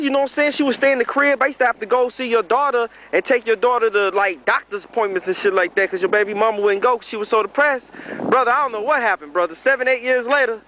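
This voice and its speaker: A man's voice: very high voice, quick pace, sharp tone, dull audio. A young man talking in a rambling, slangy comic monologue to a dead friend, laughing between lines. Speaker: comedic monologue performer.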